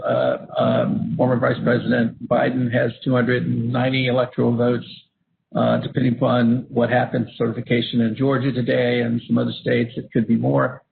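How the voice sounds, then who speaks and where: A man moderating a webinar and walking through slides, halting with many fillers and restarts, coughing at times. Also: medium pitch, vocal fry. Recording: phone-line audio with faint hiss.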